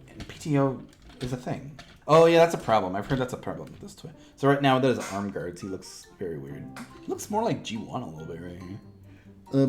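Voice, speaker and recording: A man chatting playfully in a casual toy review vlog, joking at himself while he assembles a figure. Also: medium pitch. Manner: playful, goofy, self-mocking chatter; talks while handling a toy.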